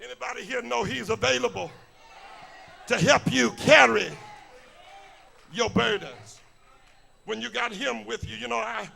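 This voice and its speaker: A man preaching in a very high, gravelly voice with a bright, cutting edge. He shouts his points in an impassioned sermon and often stammers over repeated words as he builds. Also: measured pace, long pauses. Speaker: pastor. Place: church.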